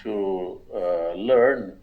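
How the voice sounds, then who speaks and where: A man's voice: deep voice, extremely slow, narrow, tinny audio. A man with a Brazilian Portuguese accent, a student in an English conversation class, answering hesitantly as he searches for words.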